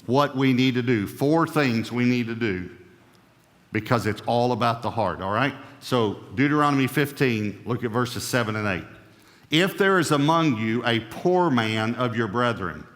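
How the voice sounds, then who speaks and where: Emphatic man preaching in a reverberant hall. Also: a bit bright. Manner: emphatic, rising and falling in pitch and volume. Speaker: pastor. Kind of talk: sermon.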